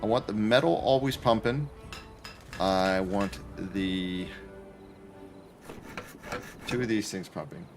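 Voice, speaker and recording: A man's voice: on the low side, takes it slowly, pauses often, over music. A man chatting casually with his viewers, joking while he plays a game from his apartment. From Canada. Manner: chatty, joking, talks to chat while playing. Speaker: streamer. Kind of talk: casual gaming livestream commentary.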